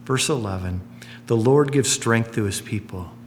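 A man's voice: moderate pace, a little hiss or hum. A man delivers a sermon in an earnest, storytelling way, his voice rising and falling as he builds each point. His voice sits in a middle range. The sound carries a long reverb, as if filling a church hall. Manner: earnest, storytelling, lively swings in pitch and volume. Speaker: pastor.

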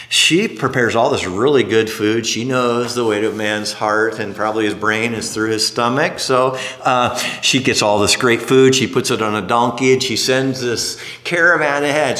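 A middle-aged man preaching a sermon, telling a story in an animated way and acting out what people said. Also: mid-range voice. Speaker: pastor.

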